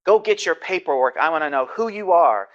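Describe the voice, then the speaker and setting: A man voicing an angry uniformed official who barks commands in broken English, pitched well above his own voice. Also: expressive, moderate pace, muffled recording, close to an everyday voice. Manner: shouting, demanding, in broken English.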